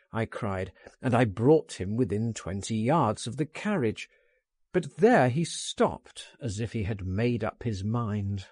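A man narrating a memoir in an expressive, dramatic reading style. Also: mid-range voice, slow pace, breathy edge, no echo, studio quality.

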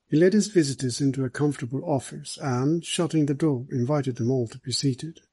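A man narrating an audiobook in a steady, measured way. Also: mid-range voice, slightly rough, no echo, rough recording.

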